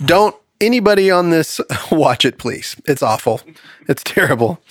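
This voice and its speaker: A man hosting a casual Bible study podcast, telling stories with animated voices for the characters. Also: on the high side, moderate pace, dry recording, studio quality. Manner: animated storytelling, acts out characters. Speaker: podcast host.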